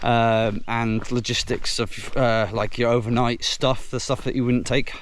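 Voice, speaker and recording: Here a British hiking vlogger speaks a little slowly in a medium pitch that barely moves, with a faint hiss or hum audible. He's winded as he records his climb up a steep woodland path, chatting casually between puffs and calling out his delight at the views.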